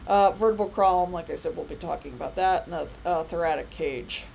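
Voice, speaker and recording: Woman instructor, 30s, low gravelly voice, rambling casual lecture, faint hiss behind. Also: brisk, a little mellow, low-quality recording. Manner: chatty, rambling asides, lots of fillers. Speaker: college biology instructor.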